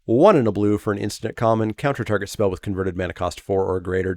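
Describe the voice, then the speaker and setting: A man's voice: lowish voice, a little mellow, no echo. A man reviewing cards in a casual, chatty way, loose with fillers and self-corrections, laughing at his own remarks. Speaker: card game reviewer. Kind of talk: casual draft set review.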